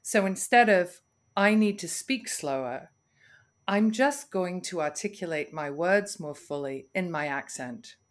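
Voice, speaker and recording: Measured woman coaching on communication. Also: fairly low pitch. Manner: measured, instructive, pauses to breathe. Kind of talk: podcast interview guest.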